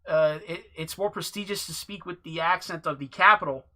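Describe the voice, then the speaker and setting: A man giving casual commentary over clips, halting and restarting with dry laughs. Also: a little high, pushed and bright.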